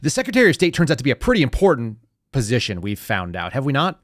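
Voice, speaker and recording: A man's voice: medium pitch, huge pitch swings, quick pace, dry recording, studio quality. A man hosting a podcast, giving heated, sarcastic and profane political commentary. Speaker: podcast host.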